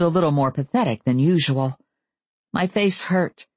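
A woman reading a first-person novel aloud, with measured, wry storytelling. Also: low voice, a little mellow, dry recording. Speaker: audiobook narrator.

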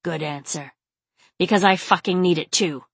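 A woman reading the part of a demanding, rough adult man in an audiobook. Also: on the low side, normal speed, dry recording. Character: commanding adult man, lover.

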